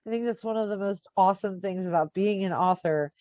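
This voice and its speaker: A woman author in casual conversation, animated and quick to laugh as she gushes about readers. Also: medium pitch, no echo. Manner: animated, laughs often, gushing. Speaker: author guest. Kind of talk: casual chat.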